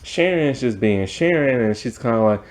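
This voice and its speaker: Man recapping a show, animated pitch. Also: moderate pace. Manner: rambling, full of "like" fillers, laughs at the plot. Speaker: TV show reviewer. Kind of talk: casual episode recap.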